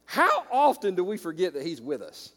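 Male preacher, high voice, fiery, swings hushed to loud, big hall reverb. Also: wildly swooping pitch, moderate pace. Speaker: pastor. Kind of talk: sermon.

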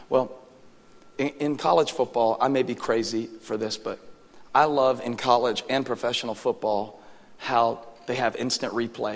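A man in his thirties, a pastor preaching a sermon, telling stories in an animated way that swings from hushed asides to loud exclaims. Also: medium pitch. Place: church sanctuary. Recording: reverberant church hall with faint music.

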